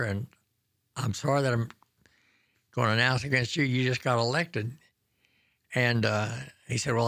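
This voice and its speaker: A man's voice: mid-range voice, fairly bright tone, no room sound. Man, 90s, from Oklahoma, folksy storyteller, self-deprecating, dry close sound. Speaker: former governor, guest. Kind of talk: storytelling reminiscence.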